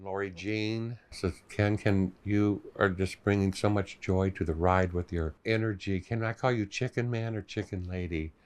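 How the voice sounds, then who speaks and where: An older man telling stories in a documentary interview, playful and animated, acting out his own past thoughts. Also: low voice, normal speed, few pauses. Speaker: longtime charity ride participant.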